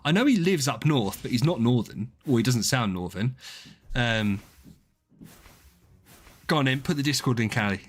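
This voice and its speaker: A man's voice: mid-range voice, animated, normal speed, pauses often. A man, chatting casually with viewers on a game stream, rambling and swearing as he answers them. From southeast England.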